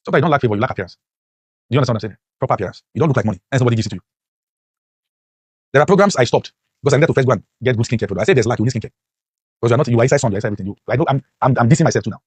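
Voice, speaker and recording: Delivering a motivational lecture to a class, a man speaks rapid-fire but with long pauses, preaching through rhetorical questions as his voice leaps up sharply on key points. The medium-pitched voice is slightly rough, and the recording is dry.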